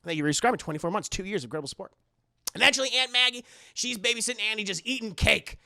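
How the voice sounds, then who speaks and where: Gravelly, bright-voiced male streamer. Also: high-pitched, racing, no echo, studio quality. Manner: animated, profane, talking to chat. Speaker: streamer and film reviewer. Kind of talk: casual live-stream movie recap.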